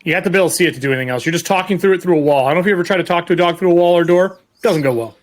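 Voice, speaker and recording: A man's voice: high-pitched, rapid-fire. A man acting as game master of a tabletop game, describing scenes and making matter-of-fact rulings.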